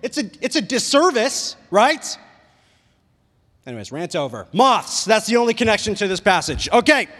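A man's voice: high voice, moderate pace. A man, a youth pastor, giving a casual sermon. He rambles and fills his talk with "like". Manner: animated, rambling, heavy use of "like". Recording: long reverb of a large hall.

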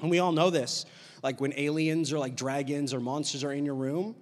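A man with a high, bright-toned voice preaches casually to his congregation. He tells his stories in an animated, rambling way, with plenty of "like" fillers. His voice carries a long reverb from a large hall. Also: a little fast. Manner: animated storyteller, heavy use of "like". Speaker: pastor. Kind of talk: casual conversational sermon.

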